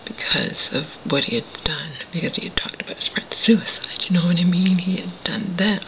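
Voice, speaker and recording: A woman speaking to the camera in a hushed, gravelly whisper. Her voice sits low, and she swears bitterly as she talks. The recording is dull and lo-fi, with a faint hiss underneath. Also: moderate pace. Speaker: vlogger. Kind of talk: whispered personal monologue.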